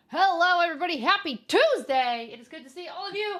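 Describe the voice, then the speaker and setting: A woman's voice: sits high, very animated, moderate pace, hardly any pauses, a bit bright. A woman hosting a casual live stream, playful and giggly, greeting her chat by name.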